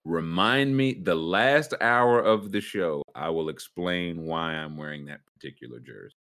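A man's voice: low voice, a little slow, a bit bright. A man co-hosting a casual sports podcast, joking and slipping into mocking voices for his bits. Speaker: podcast co-host.

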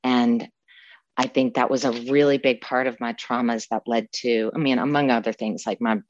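A woman's voice: very deep voice, fairly even intonation, moderate pace, dull audio, slight background noise. A woman in her fifties from New Orleans, sharing her recovery story with heartfelt, tearful joy and frequent laughter. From New Orleans, USA. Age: 50s. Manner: heartfelt, tearful yet joyful, laughs often. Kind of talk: emotional personal testimony.

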